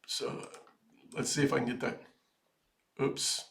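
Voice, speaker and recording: A man hosting a video, giving casual political commentary in an earnest, halting way with many restarts that turns emphatic. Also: medium pitch, flat delivery, creaky, a bit bright. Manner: grows emphatic and urgent. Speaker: video host.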